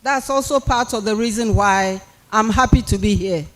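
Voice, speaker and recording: A Ghanaian man speaks to a university crowd in a strikingly high voice. His delivery is oratorical and emphatic, and he builds his points through repetition. Partway through, he reads out a prepared address. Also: normal speed. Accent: Ghanaian English. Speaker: speaker at a university policy lecture. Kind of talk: public speech and reading of a prepared address.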